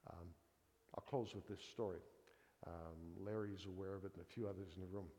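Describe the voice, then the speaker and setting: A man's voice: low voice, fairly even intonation, moderate pace, dark tone. A man in his sixties giving a conversational sermon, telling a personal story in a folksy way. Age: 60s. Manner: folksy, storytelling, frequent "kind of thing" asides. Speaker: preacher. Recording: long reverb of a large hall.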